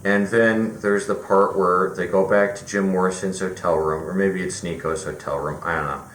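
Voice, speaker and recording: A man's voice: deep voice, steady tone, moderate pace, a bit bright, slight background noise. A man giving a casual, rambling movie review, full of fillers and restarts. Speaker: film reviewer. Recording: roomy echo with faint music.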